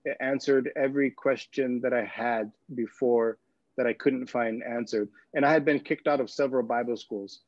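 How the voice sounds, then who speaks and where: Laughing, mellow-voiced man. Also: mid-range voice, no room sound. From California. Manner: humorous, laughs often, repeats words. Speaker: guest. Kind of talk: personal storytelling in a talk. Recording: dull, dry lo-fi sound.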